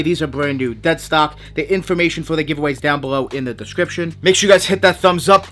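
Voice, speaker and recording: Bright-voiced young man ranting to camera. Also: fairly high pitch. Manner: angry ranting, repeating himself. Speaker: sneaker vlogger. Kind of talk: casual vlog to camera.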